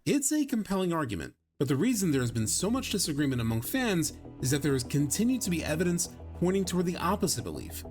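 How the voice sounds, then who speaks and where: Lively man narrating a video essay. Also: a little high, breathy edge. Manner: explanatory, measured. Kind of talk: scripted narration. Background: music.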